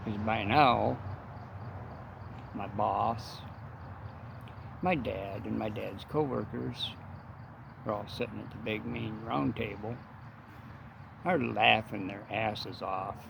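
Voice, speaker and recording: Gravelly man telling a folksy story. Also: fairly low pitch, takes it slowly, pauses often, background noise. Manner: folksy, profane, rambling. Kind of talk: casual storytelling.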